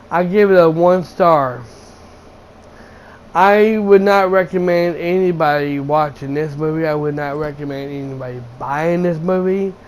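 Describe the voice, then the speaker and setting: Brief: high-pitched young male vlogger, slow deliberate delivery, blunt profane exasperated rant. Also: a little mellow, rough recording. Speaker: video game channel host reviewing a movie. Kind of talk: casual ranting review.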